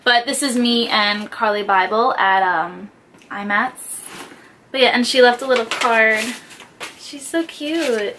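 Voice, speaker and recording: Young adult woman from the New York area, beauty vlogger chatting to camera at home; bright, slightly high voice with excitable, filler-heavy patter, faint hiss in the recording. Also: measured pace. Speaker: beauty YouTuber. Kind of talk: casual chat unboxing a swap box.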